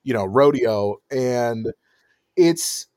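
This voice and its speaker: Man, podcast co-host, relaxed chat, dry close sound, soft trailing endings. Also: medium pitch, drawn-out words, dry recording. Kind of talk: casual movie podcast chat.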